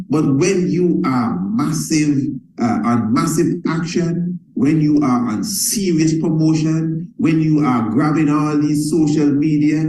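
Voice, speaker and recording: Man, motivational sales coach, mellow emphatic voice, repetitive delivery, echoey room. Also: on the high side. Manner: emphatic and repetitive, addresses listeners as family.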